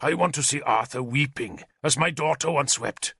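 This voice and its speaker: A man voicing a cruel, vengeful one-armed warlord king who shouts and snarls threats in an audiobook. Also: mid-range voice, moderate pace, vocal fry, slightly rough, no room sound, studio quality, full character voice. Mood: furious.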